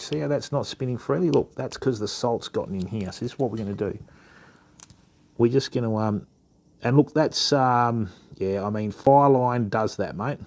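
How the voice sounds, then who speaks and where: With a mid-range, slightly mellow voice, a middle-aged Western Australian fishing channel host talks casually to his live-stream audience while servicing reels. His manner is matey and relaxed, and he speaks with an Australian accent.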